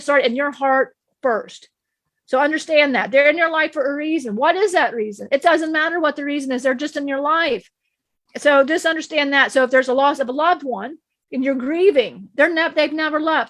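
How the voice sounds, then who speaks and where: An ancient divine male being delivers a spiritual lesson, as a woman channels him in a high voice. He preaches emphatically, circling back to the same point again and again with restarts. The sound is dry and close. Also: a bit bright, dry recording.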